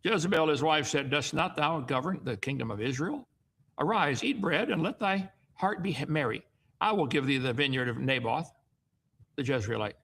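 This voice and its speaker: Gravelly man reading and explaining scripture. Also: on the high side, expressive, moderate pace, fairly bright tone. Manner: folksy asides ending in "okay?". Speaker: Bible teacher.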